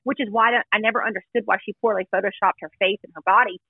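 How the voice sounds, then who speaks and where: A woman's voice: mid-range voice, fairly even intonation, racing, husky, no echo. A woman guest in casual chat, blunt, chatty and self-deprecating as she tells a story. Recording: tinny phone-like line.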